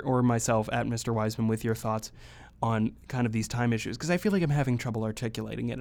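A man's voice: medium pitch, a little mellow. A young man talks through a film review on his own podcast in a loose, casual way. He rambles, jokes and pokes fun at himself as he goes. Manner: rambling, self-deprecating, jokey. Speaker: podcast host. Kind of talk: casual solo movie review.

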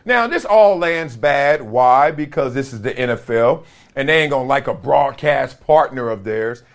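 A young adult man hosting a podcast in casual, slangy sports talk, laughing between jokes. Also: fairly high pitch. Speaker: podcast host.

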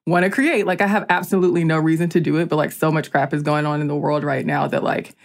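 Podcast co-host, woman, light Southern accent, slightly low voice, chatty filler-heavy delivery. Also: steady tone, quick pace. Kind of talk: casual podcast chat.

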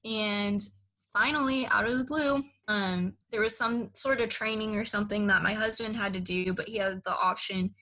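Bright-voiced young woman telling a story. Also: mid-range voice, normal speed, low-quality recording. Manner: animated, acts out quoted dialogue. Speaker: interviewee recounting her enlistment process. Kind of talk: casual storytelling.

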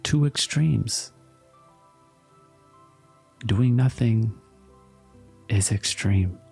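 A man delivers an earnest motivational talk at a very slow, deliberate pace. His voice is deeply gravelly and a little husky. He keeps asking his listeners whether they understand, over faint background music. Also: a little mellow. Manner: earnest, repetitive, slow-paced, asks "you understand?".

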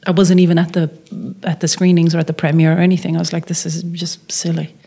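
A woman's voice: fairly low pitch, rapid-fire. A middle-aged woman from Norway, a filmmaker guest, telling a story in an interview and acting out the people she quotes. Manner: animated storyteller, acts out quoted voices.

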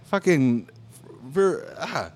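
A man's voice: on the high side, very animated, drawn-out words, a little mellow. A young American man in a casual, profane monologue, talking with heavy emphasis. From United States. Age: young adult.

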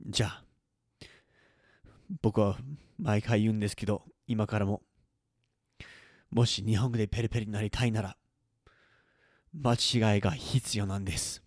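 A man's voice: lowish voice, fairly even intonation, fast, long pauses, no echo, studio quality. A man hosting a podcast, speaking heartfelt thanks with emotion and frequent hesitations. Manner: emotional, hesitant with many ums. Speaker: podcast host.

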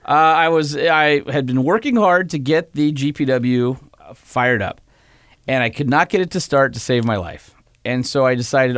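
A man co-hosting a podcast in casual chat, an animated storyteller who acts out the quotes, his voice a little strained. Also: mid-range voice, normal speed, dry recording, clean studio sound. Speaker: podcast co-host.

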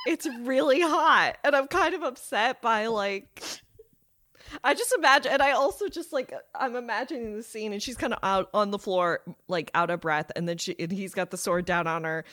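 A woman's voice: on the high side, moderate pace, a bit bright. A woman in casual chat, gushing over a story she is hearing, swearing and thinking aloud. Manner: gushing, swearing, talks herself through reactions.

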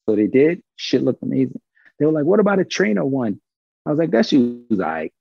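A gravelly, husky man tells a story in a loose, animated way, doing the voices of everyone in it. The recording is dry and a bit dull, as if from a muffled close mic. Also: fairly high pitch, quick pace, no echo. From Brooklyn, New York. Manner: animated, acts out quoted dialogue, swears freely. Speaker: guest telling a story. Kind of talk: casual storytelling.

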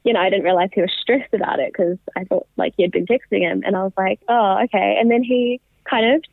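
A young woman talks in a loose, chatty way, laughing now and then and slipping into what others said. Her voice comes through a thin, phone-like line with a dry sound. Her pitch sits in the middle for a woman. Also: steady tone, fast, no room sound. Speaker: interview guest. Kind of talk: casual storytelling interview. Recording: tinny phone-line audio.

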